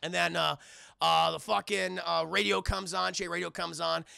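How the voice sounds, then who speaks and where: A man recapping a film for his stream chat in a casual, animated way, laughing and swearing often. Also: high-pitched, normal speed, vocal fry, clear, resonant tone, dry recording, clean studio sound. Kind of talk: casual profane plot recap.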